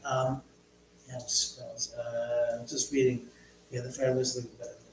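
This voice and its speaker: Middle-aged male livestream host, loose rambling storyteller, laptop mic far off, boomy room with a faint hum. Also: completely flat delivery, a little slow. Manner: rambling storyteller, reads viewer comments aloud. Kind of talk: casual livestream chat. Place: large echoey room at home. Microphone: laptop mic from a distance. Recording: very echoey, distant, faint hum.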